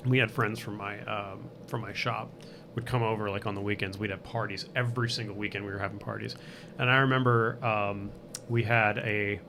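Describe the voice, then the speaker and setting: A man's voice: on the low side, fairly even intonation, fairly quick, background noise. A man as a podcast guest in casual chat, rambling with lots of "like" and "um". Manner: rambling, full of fillers like "like" and "um".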